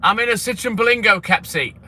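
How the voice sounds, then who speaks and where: High-voiced milkman chatting from his van. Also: fast, bright, forceful tone. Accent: light Scouse tinge. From English Midlands. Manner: chatty, answers viewers by name. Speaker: milkman livestreamer. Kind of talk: casual live-stream chat. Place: inside a delivery van on his round. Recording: vehicle and street noise. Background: engine and traffic noise.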